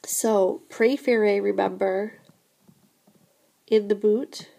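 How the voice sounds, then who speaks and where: A woman teaching a recorded French lesson, explaining grammar slowly and patiently, often repeating "remember" and "so again". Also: medium pitch, fairly even intonation, vocal fry, mellow.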